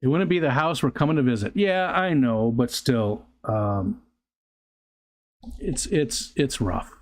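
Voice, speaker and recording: Rambling older man chatting on a livestream. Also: medium pitch. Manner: rambling, halting, with frequent restarts and fillers. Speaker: livestream host. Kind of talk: casual live chat reading viewer comments. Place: outdoors near a pond.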